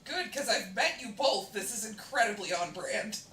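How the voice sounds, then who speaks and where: A woman's voice: medium pitch, lively intonation, moderate pace, background noise. A woman in casual banter, tossing in dry, teasing quips.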